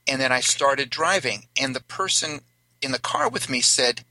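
A man hosting a radio talk show, telling a story in a halting way with many restarts. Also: medium pitch, sharp tone, dry recording, low-quality recording. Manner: halting, repeats words while telling a story. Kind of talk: casual radio chat.

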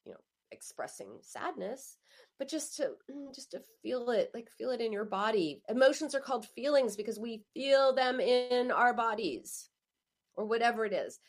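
A woman speaking as an author giving advice, emphatic and animated, often acting out quoted phrases. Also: mid-range voice. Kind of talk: spoken advice monologue.

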